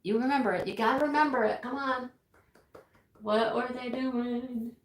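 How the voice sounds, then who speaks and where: A woman's voice: a little high, fairly even intonation, moderate pace, echoey room, a little hiss or hum. A woman in her sixties hosting a live stream, chatting casually and reminiscing with viewers, laughing often and breaking into bits of song. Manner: chatty, nostalgic, laughs often, sings snippets. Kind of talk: casual chat reading viewer comments.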